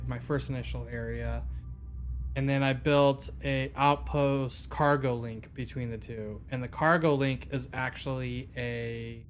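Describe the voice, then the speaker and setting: A man streaming a game, chatting casually in a halting, rambling way full of fillers. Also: mid-range voice, slight background noise. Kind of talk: casual gaming chat.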